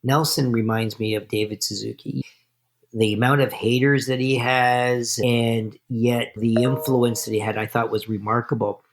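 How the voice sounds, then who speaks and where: A man from Canada, a podcast guest, telling stories in a casual, animated interview. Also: medium pitch, moderate pace.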